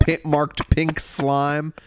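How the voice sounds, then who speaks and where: A man co-hosting a podcast in casual chat, joking deadpan while heavily drugged and in neck pain. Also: fairly high pitch, extremely slow, clean tone, dry recording, clean studio sound. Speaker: podcast co-host.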